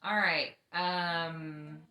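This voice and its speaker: Low-voiced, frank, cussing woman. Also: fairly even intonation, drawn-out words, pushed and bright. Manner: frank, profane, laughing storyteller. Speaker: podcast co-host. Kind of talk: candid casual chat. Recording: echoey room with faint music.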